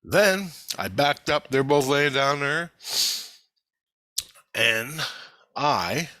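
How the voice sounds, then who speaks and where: A man's voice: medium pitch, animated, extremely slow, pushed and bright, no room sound. A man in a casual monologue video who rambles through a story and swears constantly.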